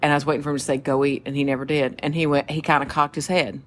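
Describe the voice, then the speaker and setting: A woman with a Southern US drawl and a low voice co-hosts a casual podcast. She tells stories with animated energy, laughing easily and acting out the voices of people she quotes. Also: racing. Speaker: podcast co-host. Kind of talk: casual storytelling chat.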